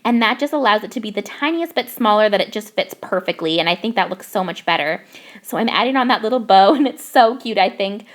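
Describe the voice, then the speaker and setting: A young Canadian woman, a craft YouTuber, narrates her craft process in a bubbly way, gushing over cute details. Her medium-pitched voice is animated and brisk.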